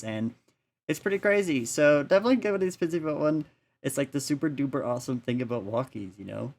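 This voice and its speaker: Rambling man chatting on a live stream. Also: medium pitch. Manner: rambling, laughs often, many filler likes. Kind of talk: casual live-stream chat. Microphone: standalone desk mic.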